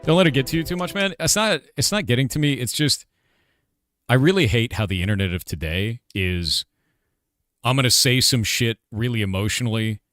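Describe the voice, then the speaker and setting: A man's voice: mid-range voice, expressive, fairly quick, fairly bright tone, no echo, faint music behind. A game developer in his forties, chatting casually on a live stream, ranting and swearing with lots of "like" and "dude". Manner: ranting, profane, repeats "like" and "dude".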